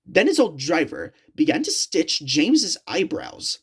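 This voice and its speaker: A woman reading a creepypasta story aloud in a slow, halting storytelling manner. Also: low-pitched, huge pitch swings, breathy edge.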